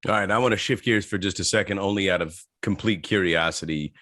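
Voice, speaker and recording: A man hosting a podcast, asking measured, curious questions of his guest. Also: sits low, bright, forceful tone, dry recording, clean studio sound. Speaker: podcast host. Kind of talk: interview questions.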